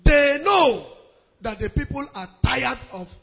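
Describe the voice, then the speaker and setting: A pastor preaching a fervent sermon in a sing-song style, shouting hallelujahs and repeating phrases for emphasis. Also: male voice, extremely high pitch, sing-song, takes it slowly, vocal fry, slightly rough, faint music behind.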